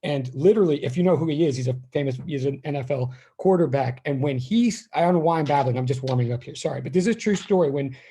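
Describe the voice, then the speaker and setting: A man's voice: fairly high pitch, quick pace, hardly any pauses, mellow, breathy edge. A man in his fifties, a physics teacher, chatting casually and rambling with his class as students join. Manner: rambling, chatty, self-deprecating.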